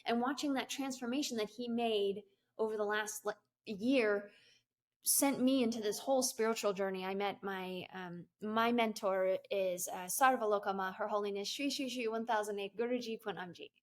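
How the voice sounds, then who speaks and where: A woman's voice: medium pitch, moderate pace. Woman, middle-aged interview guest; chatty, giggly storyteller, mid-range voice. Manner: giggly, laughs often, lots of fillers. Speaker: guest, business coach and CEO.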